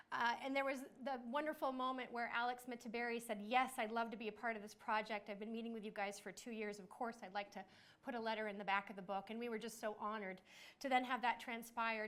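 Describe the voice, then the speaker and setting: High-voiced emotional woman teacher. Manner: warm, emotional and gushing, with fillers. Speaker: founder and teacher. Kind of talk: heartfelt speech at a book launch.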